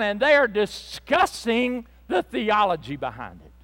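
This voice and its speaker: Fervent high-voiced male preacher. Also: very animated, measured pace, hardly any pauses. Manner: fervent, swinging from loud to hushed; speaks to the congregation directly, with asides and apologies. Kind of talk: sermon.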